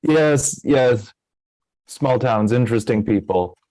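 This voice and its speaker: A man speaking as a player in a tabletop game, tentative and halting. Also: medium pitch, expressive, dark tone, dry recording. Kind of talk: casual tabletop play.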